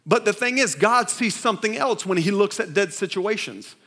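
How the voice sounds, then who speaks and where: A man's voice: sits high, expressive, normal speed, sharp tone. A man preaching a sermon to a church congregation, emphatic and repetitive, often asking the crowd to answer back. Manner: call-and-response with the congregation; emphatic, repeats phrases and restarts. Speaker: pastor. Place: church service.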